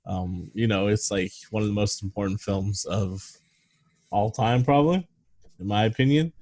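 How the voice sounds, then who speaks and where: A man's voice: on the low side, moderate pace, darkish tone, dry recording. A man co-hosting a movie podcast, rambling and swearing casually while reading film trivia aloud. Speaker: podcast co-host. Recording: dry close sound over a video call.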